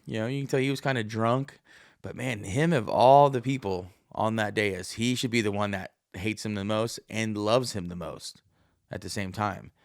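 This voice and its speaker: A man with a low, gravelly voice rambles through a casual podcast monologue, swearing freely and slipping into quoted voices. The sound is dry and close, with no room echo. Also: moderate pace. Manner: profane, meandering, acts out quoted voices. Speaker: podcast host.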